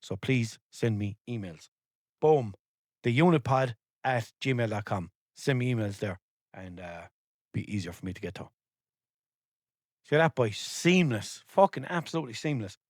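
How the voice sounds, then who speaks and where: A man's voice: mid-range voice, expressive, moderate pace, no room sound, clean studio sound. A man with a Limerick Irish accent hosting his own podcast, rambling cheekily and swearing freely. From Ireland. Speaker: podcast host. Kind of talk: casual podcast monologue.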